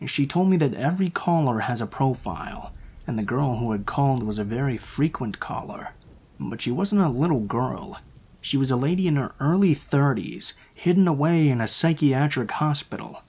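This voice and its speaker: Man, husky voice, calm horror story narration, mid pitch. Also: moderate pace. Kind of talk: scripted narration.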